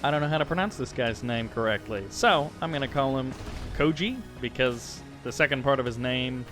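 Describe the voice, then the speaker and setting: Chatty American man, mid-pitched, doing upbeat game commentary over faint background music. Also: fairly quick. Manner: chatty, self-deprecating, upbeat. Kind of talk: casual play-by-play commentary.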